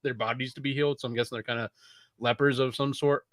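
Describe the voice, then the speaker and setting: A man co-hosting a casual review show, his voice at an ordinary middle pitch. He stammers through restarts and swears offhandedly. The recording is dry and close. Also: fairly even intonation, quick pace, fairly bright tone, no room sound. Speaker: podcast co-host.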